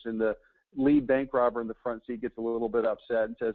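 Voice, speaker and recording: Male marketing trainer, mid pitch, talky webinar delivery with fillers, thin phone-like recording. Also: little pitch movement, quick pace, no room sound. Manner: storytelling, with fillers and restarts. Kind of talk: webinar lesson. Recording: dry, phone-like audio.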